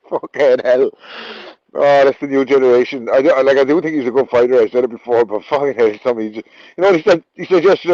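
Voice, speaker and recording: Sweary British co-host, muffled sound. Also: male voice, mid-range voice, a little mellow, dry recording. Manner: sweary, incredulous banter. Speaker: podcast co-host. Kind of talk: casual boxing podcast chat. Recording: dull lo-fi sound.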